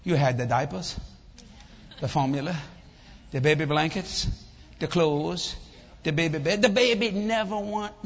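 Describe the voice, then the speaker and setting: An older man preaches a sermon to a congregation in a church hall, telling animated stories, acting out voices and joking with the audience. His voice is on the high side and a little slow, with long pauses. The lo-fi recording sounds like a large hall, with slight background noise.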